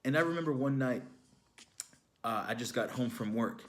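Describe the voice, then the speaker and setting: A man's voice: mid-range voice, moderate pace, slight background noise. A young man from Houston giving an inspirational testimony message, telling a story casually with fillers like "you know, like". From Houston, Texas, USA. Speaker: ministry speaker.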